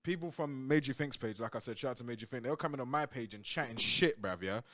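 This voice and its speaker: A man's voice: medium pitch, quick pace, fairly bright tone. A man with a London accent telling brash, profane stories in a casual podcast chat. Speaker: guest.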